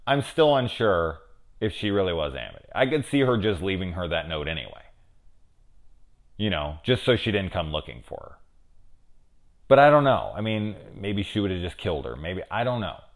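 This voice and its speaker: A man hosting a casual review show, thinking aloud with many fillers and swinging between loud excited questions and low mumbles. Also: moderate pace. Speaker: TV review host. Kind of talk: casual spoiler discussion.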